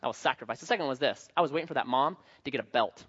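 A male pastor preaching a sermon in an animated, joking, conversational manner. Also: medium pitch, very fast, slightly rough, highs cut off.

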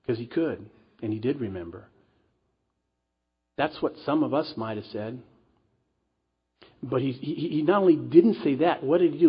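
A man's voice: medium pitch, animated, moderate pace, long pauses, slightly rough. A middle-aged man preaching a sermon as pastor at a church service, earnest and conversational with casual asides. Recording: dull lo-fi recording.

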